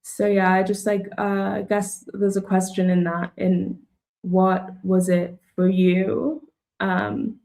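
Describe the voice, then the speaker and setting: A woman in casual conversation who speaks thoughtfully and hesitantly, with many pauses and fillers. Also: medium pitch, level tone, gravelly, darkish tone. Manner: thoughtful, hesitant, full of ums and likes.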